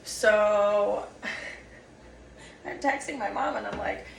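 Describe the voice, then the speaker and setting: A woman's voice: medium pitch, extremely slow, gravelly, pauses often, noisy background. A young woman vlogger telling a rambling, casual story about herself, full of fillers and laughing at her own mishaps. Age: young adult. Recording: echoey room, mic at a distance.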